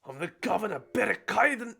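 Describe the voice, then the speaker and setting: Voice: medium pitch, expressive, normal speed, vocal fry, slightly rough, voice pushed up, exaggerated voice. A streamer doing a blustering Scottish prison governor. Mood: gruff. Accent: Scottish, put on. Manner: loud, blustering, rolled R's. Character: gruff, suspicious male prison governor.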